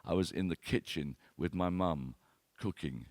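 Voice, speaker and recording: A man in his later years, a wine expert telling self-deprecating comic stories to an audience, halting and repeating words, with plenty of fillers. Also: low voice, a little mellow, no echo. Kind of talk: anecdotal talk to an audience.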